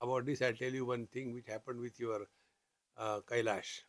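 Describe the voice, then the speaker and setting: A spiritual teacher with an Indian English accent gives a scripture discourse, chanting Sanskrit verses and explaining them with humor. His medium-pitched voice is delivered flatly at normal speed, and the recording is dry.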